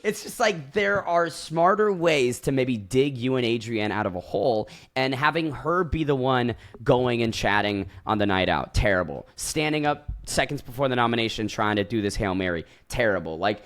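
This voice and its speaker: A man's voice: medium pitch, normal speed, hardly any pauses. A man co-hosting a podcast, casually recapping a reality show and acting out quotes from it. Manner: animated storytelling, acts out quotes, swears. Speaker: podcast co-host.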